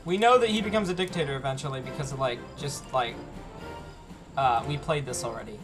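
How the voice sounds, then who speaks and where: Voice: medium pitch, brisk, music in the background. A streamer chatting casually while playing a strategy game, often reading on-screen text aloud. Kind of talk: casual live game commentary.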